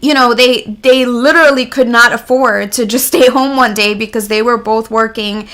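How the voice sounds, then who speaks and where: A woman with a bright, slightly high voice talks openly about her own experiences as an interview guest. She is earnest and reflective, and she slips small laughs into her sentences. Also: fairly even intonation, moderate pace. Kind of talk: candid personal storytelling.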